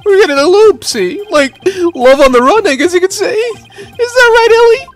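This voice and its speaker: A shrill, flaky, overexcited guy. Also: lively intonation, moderate pace, faint music behind. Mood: boastful. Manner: yelling, whiny, over the top. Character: excitable flaky adult man, loud and dramatic. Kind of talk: fan voice-over of a video game.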